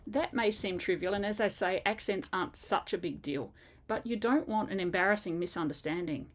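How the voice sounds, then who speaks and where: A woman's voice: mid-range voice, brisk. An older woman, a native English speaker, gives a patient pronunciation lesson as a French teacher and spells words out letter by letter.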